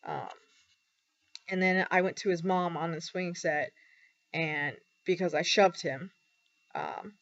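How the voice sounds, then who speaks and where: A young woman talking candidly in a personal vlog, halting often with ums and pauses. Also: on the low side, steady tone. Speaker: vlogger. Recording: dull lo-fi recording.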